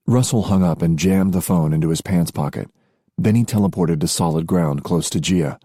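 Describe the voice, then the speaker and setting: A man narrating a romance audiobook in a measured storytelling voice. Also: low-pitched, mellow, no room sound, studio quality. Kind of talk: scripted narration.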